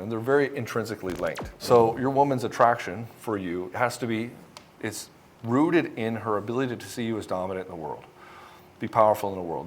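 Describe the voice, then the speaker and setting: A man's voice: lowish voice, a little hiss or hum. Blunt, profane male relationship coach. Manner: mocks men by mimicking them. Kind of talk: direct-to-camera coaching talk.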